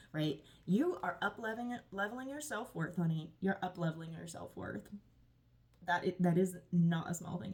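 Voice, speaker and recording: A woman's voice: on the low side, darkish tone. A woman giving a channeled tarot reading, affirming and gushing, with frequent sighs. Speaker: tarot reader.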